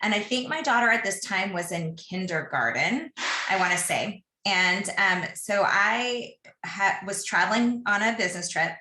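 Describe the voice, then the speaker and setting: Bright-voiced woman telling a story in an echoey room. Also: mid-range voice, animated, normal speed. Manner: chatty, rambling storyteller with fillers and restarts. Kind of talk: casual podcast chat, personal storytelling.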